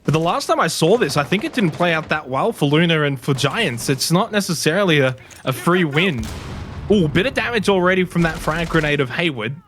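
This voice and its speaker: A man casting an esports match, losing his voice and shouting at the big plays. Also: a little high, lively intonation, a little fast, a little hiss or hum. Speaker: esports caster. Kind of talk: play-by-play commentary.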